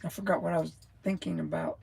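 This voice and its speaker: Fast-talking with big pitch swings and vocal fry, this woman's lowish voice is a little mellow and slightly rough, scratchy and rattly overall. She is in her sixties, from New Mexico, a truck driver hosting a livestream, rambling casually, losing her thread and laughing frequently.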